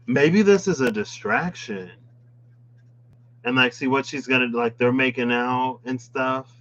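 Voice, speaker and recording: A man's voice: medium pitch, a little slow, a bit bright, highs cut off. A man reading tarot cards in a casual chat, musing aloud with playful asides. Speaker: tarot reader. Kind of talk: casual tarot deck walkthrough.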